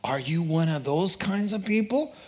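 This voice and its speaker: A pastor preaching a sermon in an animated way, acting out quotes and voices with humor. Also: male voice, on the high side, moderate pace.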